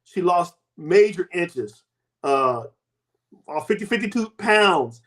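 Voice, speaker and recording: A man in his fifties, a guest giving a lively personal testimony and acting out the people in it. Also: sits high, slow. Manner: animated storytelling, acts out quoted voices.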